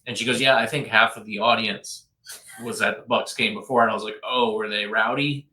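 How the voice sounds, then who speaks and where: A man co-host chats in a laid-back way, with a very bright, tense edge to his voice. The room around him sounds roomy. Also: on the low side, fairly even intonation, a little fast. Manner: laid-back, brief reactions. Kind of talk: casual chat.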